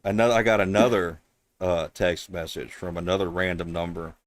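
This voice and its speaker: Low-voiced man chatting. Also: steady tone, a little fast, dry recording. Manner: rambling, amused storytelling. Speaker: streamer. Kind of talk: casual chat.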